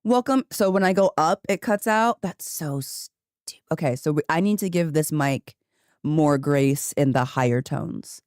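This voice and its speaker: A woman game streamer chatting casually and rambling on a desk microphone, laughing often, her voice jumping higher when she gets excited. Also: measured pace, no room sound, studio quality. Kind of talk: casual live-stream chat. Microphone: desk microphone with headphones.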